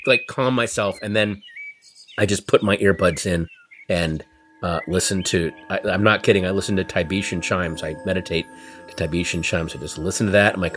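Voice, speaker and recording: A man's voice: low-pitched, normal speed. Wry male storyteller over guitar. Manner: animated, wry, building comic tension. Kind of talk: comedic storytelling. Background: guitar music.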